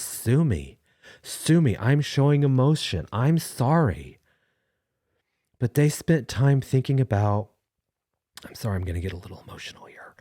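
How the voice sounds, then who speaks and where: A deep, husky-voiced male caller, overwrought and sentimental, as a man puts him on for a comedy podcast. He gushes and apologizes his way through every thought. The sound is dry and close. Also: mellow, no echo. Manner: weepy, gushing, dramatic apologies. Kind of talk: comedic character bit.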